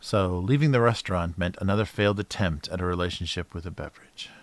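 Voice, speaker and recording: Low-pitched male cartoonist, casual livestream chatter while drawing, mumbly, trails off. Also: quick pace, no room sound. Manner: mumbling to himself, trailing off, soft laughs.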